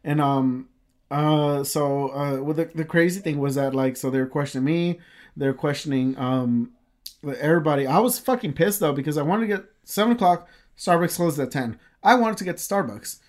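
A man's voice: on the high side, normal speed. A man telling a story in casual chat, rambling with lots of fillers and swearing freely.

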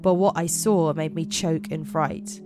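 A woman's voice: low voice, steady tone, unhurried, music in the background. A woman podcast host reading horror stories aloud in a put-on American accent, dramatic and giggly with slips.

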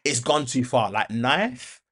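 A man's voice: medium pitch, sing-song, takes it slowly. Heated profane man ranting. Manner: heated, profane, swinging into raised loud outbursts. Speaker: podcast host. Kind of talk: storytelling rant.

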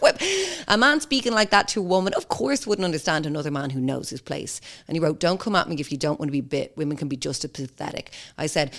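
A young woman hosting a podcast, telling a story in a blunt, sweary, animated way. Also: deep voice. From Ireland. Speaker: podcast host. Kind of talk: casual monologue.

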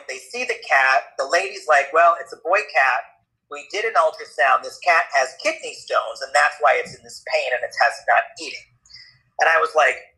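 A man with a very bright, fairly high voice tells a comic story in casual chat. He is animated and quick, and he puts on the voices of the other people in the story. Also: low-quality recording.

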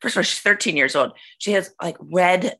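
A middle-aged woman co-hosting a casual chat, teasing her co-host and quick to agree. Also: fairly low pitch, pushed and bright, breathy edge. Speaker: podcast co-host.

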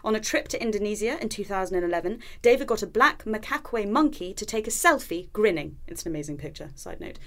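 A woman co-hosting a podcast, reading out a news roundup in a brisk, wry way with dry asides into a studio microphone. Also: mid-range voice, lively intonation, fairly bright tone. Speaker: podcast co-host.

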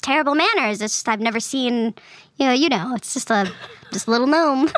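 A woman's voice: on the high side, animated, brisk, no room sound, close to an everyday voice. A woman voicing a timid male gnome villager who stammers and fusses over his manners. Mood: flustered. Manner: stammering, flustered, apologetic.

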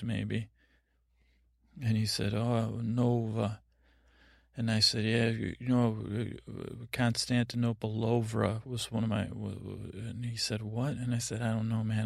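A man's voice: on the low side, vocal fry, no echo, clean studio sound. A man hosting a sleep podcast, telling a meandering, absurd bedtime story that keeps trailing off and restarting. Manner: meandering, absurd, self-interrupting. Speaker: podcast host.

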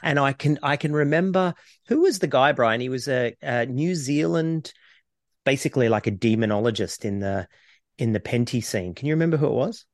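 A man guesting on a podcast as a co-host, telling stories in an easygoing, animated way over a remote call. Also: medium pitch, a little fast, no echo, clean studio sound. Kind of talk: casual podcast chat.

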